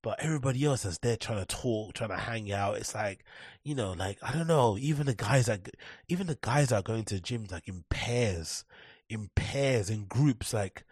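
A man rants casually as a podcast host, blunt and sarcastic with plenty of swearing. His voice sits low and husky. The sound is close and dry, with no room around it. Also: moderate pace, a little mellow, no room sound. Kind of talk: casual rambling monologue.

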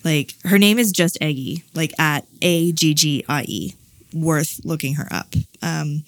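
A woman's voice: low voice, unhurried, no room sound. A woman co-hosting a podcast, speaking candidly and confessionally, often reading aloud from her journal. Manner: open, confessional, with many "like" fillers. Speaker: podcast co-host.

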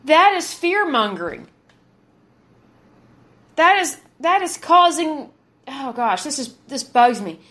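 A woman in her thirties delivers an indignant, emphatic podcast monologue. She hammers her points home by repeating words, and her voice sits high. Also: very animated, takes it slowly, pauses often, fairly bright tone. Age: 30s. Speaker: podcast host. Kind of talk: opinionated commentary monologue.

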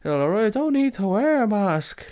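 A man voicing a brash, cheeky teenage boy who talks loud and cocky. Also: sits high, very animated, normal speed, smooth, pitched above the performer's own voice. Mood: defiant.

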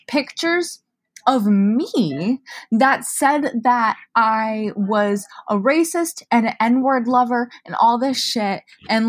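A young woman co-hosting a podcast, telling a story in a casual, animated way that is full of swearing and "like". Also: on the high side. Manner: animated, profane, lots of "like". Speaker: podcast co-host.

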